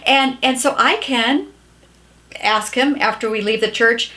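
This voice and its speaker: Middle-aged woman, high bright voice, very expressive, chatty advice-giver. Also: unhurried, pauses often. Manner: chatty and animated, acting out quoted lines. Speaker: marriage advice speaker. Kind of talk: casual advice talk to camera.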